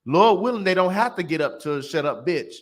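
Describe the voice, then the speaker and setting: A man's voice: sits high, animated, a little fast. A man teaching a religious class in a blunt, emphatic, preachy way, repeating lines for effect.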